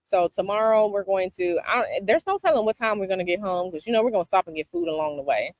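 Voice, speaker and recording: Speaking fast and animatedly at a medium pitch, a Chicago woman who runs a tarot channel chats with her viewers outdoors. Planes pass overhead as she stands by a palm tree, sassy and emphatic, repeating her advice. No room sound is audible.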